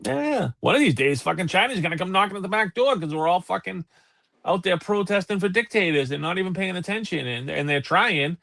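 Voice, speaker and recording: A man's voice: high voice, animated, brisk, creaky, a bit bright, no echo. A man hosting a live talk show, ranting in heated, profane casual chat. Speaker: podcast host.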